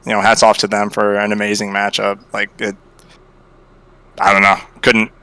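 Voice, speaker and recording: A male player giving relaxed, reflective answers in a post-match interview. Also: fairly low pitch, moderate pace, smooth, no echo. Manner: relaxed, reflective, hedging with fillers.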